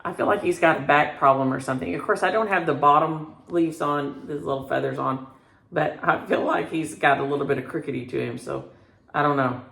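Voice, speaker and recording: Middle-aged woman vlogging her stitching at home, low and gravelly, rambling and chatty, echoey room. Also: fairly quick, a bit bright. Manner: rambling, chatty, talks to her cats between thoughts. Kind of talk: casual chat.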